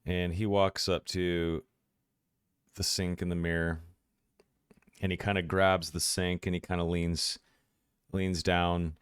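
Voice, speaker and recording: A man playing a tabletop game, narrating his character's actions in a measured, descriptive way. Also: deep voice, little pitch movement, clean tone, no echo, clean studio sound. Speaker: player.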